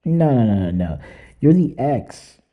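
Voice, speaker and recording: A man's voice: mid-range voice, big pitch swings, measured pace, phone-quality sound. A young man hosting a podcast alone, rambling in casual, profane commentary that mocks and laughs often. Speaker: podcast host.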